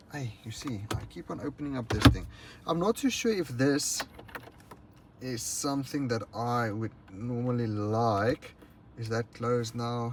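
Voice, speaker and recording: Man, casual car vlog, chats to viewers, mid-pitched, faint outdoor ambience. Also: a little hiss or hum. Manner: chatty, thinks aloud, addresses viewers. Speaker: car reviewer.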